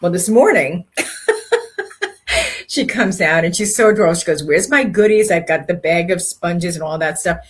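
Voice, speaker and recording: Husky-voiced older woman telling stories. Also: on the low side, measured pace. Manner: animated storyteller, acts out quoted speech. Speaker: co-host. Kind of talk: faith-based casual chat.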